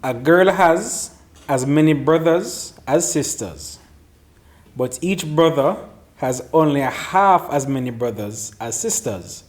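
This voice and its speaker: A man's voice: a little high, animated, slow pace. A man hosting a casual chat show, reading riddles aloud and teasing his friends. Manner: teasing, laughs often.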